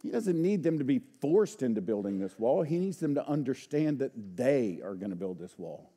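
A man preaching a sermon as pastor, calling out to the congregation and using folksy phrases and rhetorical questions, swinging from hushed asides to loud emphatic shouts. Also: mid-range voice, sing-song, normal speed. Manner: preaching with call-and-response to the congregation.

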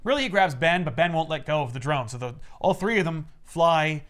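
Smooth-voiced man recapping a comic. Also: fairly high pitch, expressive, a little fast, a bit bright. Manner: rambling, filler-heavy summary with wry asides. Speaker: podcast co-host recapping a comic. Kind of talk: casual comic book recap.

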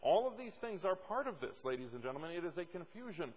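Guy preaching a sermon, kinda high voice, dull echoey church recording. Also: sing-song, fast, breathy edge. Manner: emphatic preaching, repeats words for stress. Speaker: pastor.

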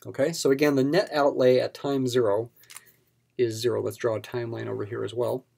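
A man's voice: medium pitch, steady tone, a little fast, gravelly, a little mellow, slightly rough. A man teaching a recorded math lesson in a patient, explanatory way, repeating key terms for emphasis. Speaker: math instructor.

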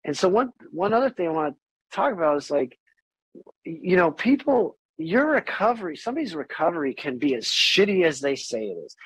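A middle-aged man talking as a podcast guest and musician, candid and animated, swearing freely in casual conversation. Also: on the high side, fairly quick, husky, no echo, rough recording.

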